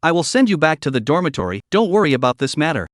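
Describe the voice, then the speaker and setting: Man reading as a protective young man, soothing, reassuring, fairly high lively voice. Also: fast talker, no room sound, studio quality.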